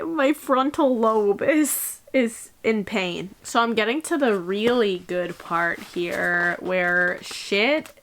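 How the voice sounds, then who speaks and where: A woman's voice: mid-range voice, fairly bright tone. A woman of about twenty in a casual video diary, swearing a lot and ranting sarcastically. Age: 20s. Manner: profane, fired-up, sarcastic. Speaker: vlogger.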